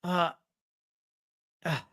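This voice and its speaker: A man's voice: very slow, sharp tone. A man hosting a casual football live stream, talking in exasperated bursts with many stumbles and repeated phrases. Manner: exasperated, repetitive, stumbling restarts. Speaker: football channel host.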